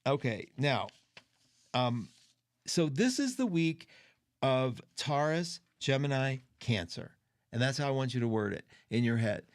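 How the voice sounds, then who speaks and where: A man's voice: mid-range voice, very animated, measured pace. A middle-aged man hosting an astrology show, talking casually, chatty and emotional, with strong opinions. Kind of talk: casual livestream talk.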